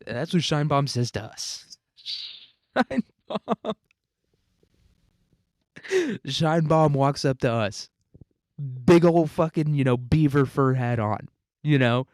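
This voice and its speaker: A man's voice: mid-range voice, a little slow, a little mellow, clean tone, no echo, studio quality. Rambling man on a crude solo podcast. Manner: rambling, crude, laughing often. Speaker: podcast host. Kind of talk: casual solo podcast monologue.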